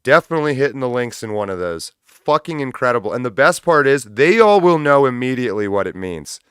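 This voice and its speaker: A man hosting a livestream in loose, profane, casual chat, breaking into loud laughs. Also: mid-range voice, very animated, brisk, smooth, no room sound, studio quality. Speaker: livestream host.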